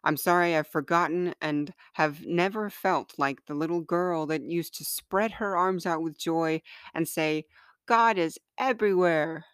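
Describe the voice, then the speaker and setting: A woman reading her own book aloud, slow and earnest, in a smooth, soft-spoken voice. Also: deep voice, fairly even intonation, no echo, studio quality.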